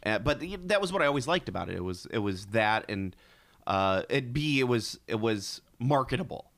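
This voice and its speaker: A man's voice: lowish voice, expressive, normal speed, fairly bright tone, no room sound. A man in casual chat who stumbles and repeats words as he talks.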